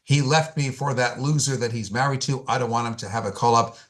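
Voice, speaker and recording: A resentful divorced mother who refuses to budge, her complaints clipped and indignant, as a male preacher quotes her. The voice stays at a middle pitch within a sermon retelling. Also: steady tone, a little fast, lightly acted.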